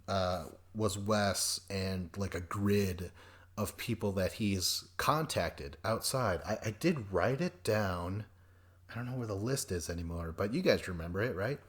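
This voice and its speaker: A man hosting a podcast, recapping a reality show in a rambling, profane way and acting out quoted people in quick voices. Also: fairly low pitch. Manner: rambling and profane, jumps between notes. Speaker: podcast host.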